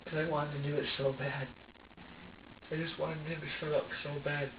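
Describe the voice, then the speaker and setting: A man being questioned by police, talking in a halting, repetitive way, restarting sentences and quoting himself, with an emotional delivery that moves between tense and subdued. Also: fairly high pitch, level tone, background noise. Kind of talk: police interrogation recording. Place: police interview room. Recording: echoey, distant, dull lo-fi room recording.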